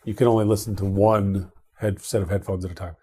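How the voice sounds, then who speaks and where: A man's voice: lowish voice, steady tone, fairly quick, warm tone, slightly rough. A middle-aged man co-hosting a podcast, chatting casually about tech and his family in a rambling way with many restarts. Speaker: podcast co-host.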